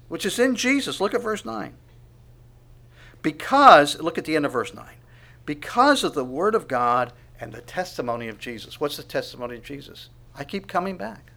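A man preaching a sermon, asking the congregation questions and swinging from quiet asides to loud proclamation. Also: on the high side, expressive, normal speed, gravelly. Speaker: pastor.

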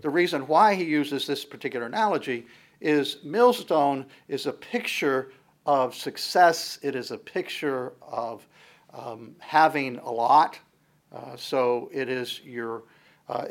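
A man giving a conversational sermon as a pastor, switching between explanation and playful dramatized asides, often restarting his sentences. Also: fairly high pitch. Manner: frequent fillers and restarts, animated swings in loudness.

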